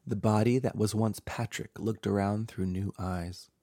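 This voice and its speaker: A man hosting a horror podcast, reading a scripted horror story with dramatic, measured delivery. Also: fairly low pitch, steady tone, dark tone, no room sound, studio quality. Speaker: horror podcast host and narrator. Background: faint music.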